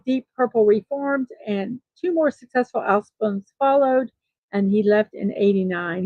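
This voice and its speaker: A woman's voice: on the high side, no echo, phone-quality sound. A woman hosting a daily morning show, reading birthday and trivia notes aloud with small personal asides between items.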